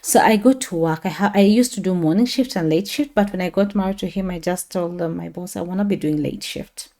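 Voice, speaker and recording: Mellow-voiced woman telling her story. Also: lowish voice, a little fast. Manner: rambling, many fillers and self-corrections. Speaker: testimony speaker. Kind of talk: personal testimony, casual storytelling.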